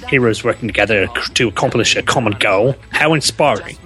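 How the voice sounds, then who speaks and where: A man's voice: on the low side, a little fast, sharp tone. A man reading out a fan letter in a put-on Australian accent, playing a male comic-book fan. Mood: cheery. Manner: hammy, exaggerated reading.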